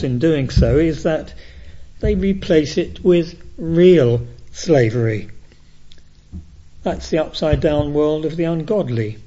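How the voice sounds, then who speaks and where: A man preaching a sermon in a measured, emphatic way. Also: a little high, mellow. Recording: dull lo-fi recording.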